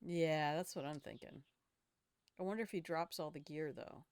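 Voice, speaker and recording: A woman's voice: sits low, moderate pace, darkish tone, clean tone. An older woman streaming a video game, chatting casually, thinking aloud and swearing freely. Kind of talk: casual gaming commentary.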